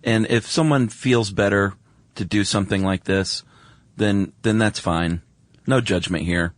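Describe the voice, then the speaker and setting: A man's voice: on the low side, a little slow, dry recording. A man co-hosting a podcast in casual chat, laid-back and easygoing, chuckling often. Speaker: podcast co-host.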